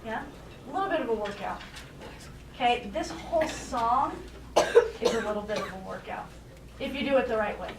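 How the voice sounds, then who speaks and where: Female guest conductor, high voice, upbeat coach; roomy, distant, noisy rehearsal-room sound. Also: moderate pace, long pauses. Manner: encouraging, explains with everyday comparisons. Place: school band rehearsal room.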